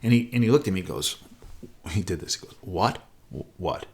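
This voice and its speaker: A man's voice: sits low, expressive, fast talker, a little mellow. A man hosting a show, telling a personal anecdote in an earnest, conversational way. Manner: acts out both sides of a remembered conversation. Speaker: host. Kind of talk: anecdotal storytelling.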